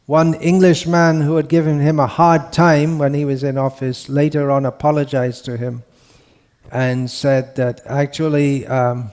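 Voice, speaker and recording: A man giving a scriptural lecture in an unhurried, rambling way, with frequent restarts and fillers. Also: medium pitch, level tone, darkish tone. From India. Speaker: monk lecturer.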